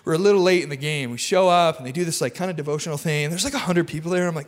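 A man preaching a casual, energetic sermon, chatty and full of self-deprecating humor. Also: on the high side, fast, few pauses, big-room sound. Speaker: pastor. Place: church auditorium.

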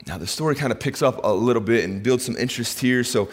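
A middle-aged man preaching a sermon in a church, animated and conversational, swinging between loud excitement and hushed softness. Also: medium pitch, fast talker, slightly rough, long reverb tail. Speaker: pastor. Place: church sanctuary.

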